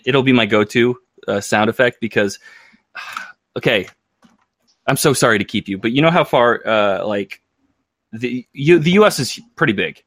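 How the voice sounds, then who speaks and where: A man's voice: medium pitch, fairly bright tone, dry recording. An American man co-hosting a podcast in casual, rambling chat, often stopping to restart his sentences and joke. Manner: rambling, self-interrupting, quick to joke. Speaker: podcast co-host.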